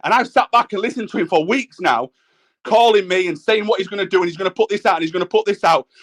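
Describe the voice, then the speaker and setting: A high-pitched man venting in a furious, expletive-laden rant. He talks over everyone on a livestream panel, hammering home the same points. His voice stays pinched and high throughout the quarrel. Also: fast. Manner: angry, ranting, swearing constantly. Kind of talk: heated argument on a livestream panel.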